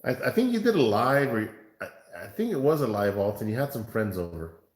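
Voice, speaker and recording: A man's voice: lowish voice, sing-song, a little fast, echoey room. A man from Far West Texas, chatting casually with viewers on his barbecue livestream and calling them man and bro. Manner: laid-back, calls viewers man and bro. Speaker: barbecue show host.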